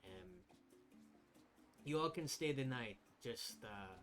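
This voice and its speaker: A man's voice: medium pitch, big pitch swings, slow, gravelly, fairly bright tone, faint music behind, full character voice. A man voicing an older, hunched village caretaker woman who speaks in a wary, stern, hesitant way.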